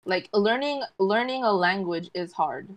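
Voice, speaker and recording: A woman's voice: mid-range voice, lively intonation, a little slow. A woman from the Philippines, co-hosting a podcast and ranting in an opinionated casual chat. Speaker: podcast co-host.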